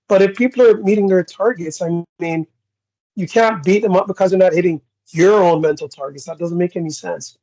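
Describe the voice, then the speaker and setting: A man's voice: a little high, fairly quick, low-quality recording. A man with a Canadian accent co-hosting a podcast, talking bluntly and acting out exchanges in casual chat. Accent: Canadian English. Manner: blunt, animated, acts out quoted exchanges. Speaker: podcast co-host.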